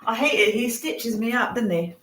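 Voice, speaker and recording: A woman's voice: fairly high pitch, lively intonation, moderate pace, a bit bright, a little hiss or hum, low-quality recording. A woman chatting casually at home on a livestream, giggly and self-deprecating. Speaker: co-host partner.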